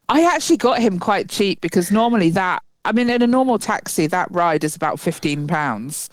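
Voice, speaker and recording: A woman's voice: mid-range voice, lively intonation, measured pace, no room sound. A woman tells a story in easy podcast chat, often laughing and slipping into the voices of the people she quotes. Her voice sits in the middle of the range and sounds dry and close to the mic, with no room around it. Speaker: podcast co-host. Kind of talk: casual chat.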